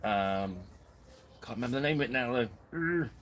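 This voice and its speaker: A man's voice: mid-range voice, animated, moderate pace, fairly bright tone, rough recording. A man hosting a casual live stream from his tent, rambling and self-deprecating. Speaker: camping channel host. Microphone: camera on tripod.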